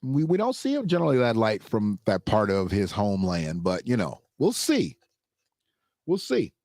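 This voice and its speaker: A man hosting a casual solo commentary show, talking loosely and jumping into high mocking voices when he quotes others. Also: wildly swooping pitch, normal speed, darkish tone, dry recording, studio quality.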